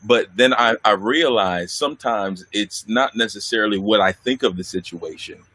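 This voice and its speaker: A low-pitched male host thinks aloud in a casual church talk show. He often restarts and repeats words as he gathers his thoughts. His voice sounds dry and close to the mic. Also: moderate pace, sharp tone, no echo.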